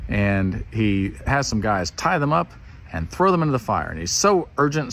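A man retelling a Bible story in relaxed everyday speech, lively and animated. His pitch rises and falls a lot, with a faint hum of noise behind him. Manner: animated and conversational. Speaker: preacher.

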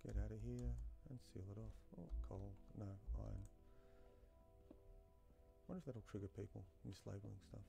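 Low gravelly man rambling over gameplay. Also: steady tone, moderate pace, long pauses. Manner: rambling, self-talking, with many fillers and asides. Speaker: gaming YouTuber. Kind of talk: casual commentary while playing a game. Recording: faint game music behind.

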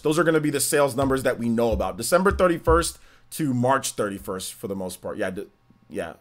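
A man hosting a casual live stream, rambling through stories, repeating himself and often trailing off into quiet laughter. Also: mid-range voice. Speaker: livestream host.

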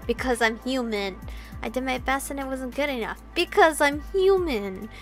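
Over faint background music, a woman reads a visual novel's narration aloud in a high-pitched, fairly quick, fairly bright voice. In this let's play with commentary, she reads with feeling and adds giggly remarks.

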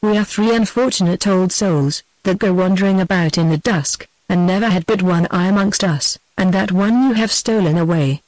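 A text-to-speech British female voice reading the lines of three frightened, blind old grey women in a flat, unacted way. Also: on the low side, moderate pace, hardly any pauses, no echo, natural voice, rough recording. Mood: pleading.

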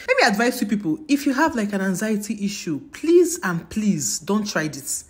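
A woman's voice: medium pitch, very animated, normal speed. A woman, retelling her experience in a casual vlog with dramatic, emphatic repetition. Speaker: travel vlogger.

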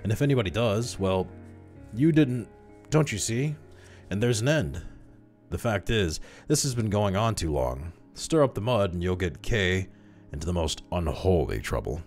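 A man's voice: deep voice, animated, moderate pace, darkish tone, soft background music, pitched above the performer's own voice. A man voicing a cynical young male doctor who talks coolly and persuasively in a worldly, dismissive way. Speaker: audiobook reader.

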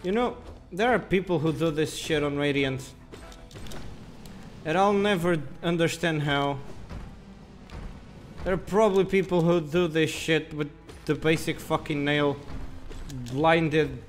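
Young male gamer, slightly high voice, unhurried, frustrated cursing commentary. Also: faint music behind. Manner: swearing, self-mocking, frustrated grumbling. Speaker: gaming channel host. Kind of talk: casual gameplay commentary.

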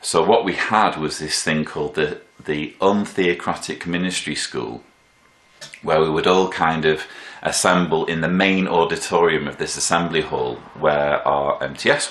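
A man in his thirties telling personal stories in a thoughtful, halting way, full of fillers and restarts. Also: very deep voice, fairly bright tone. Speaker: vlogger. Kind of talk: reflective personal storytelling. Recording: echoey room.

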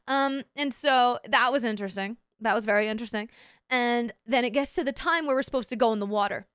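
A woman's voice: on the high side, brisk, fairly bright tone, clean tone, no echo, clean studio sound. A young woman streaming as a VTuber, telling a story in casual chat, bubbly and giggly and swearing constantly.

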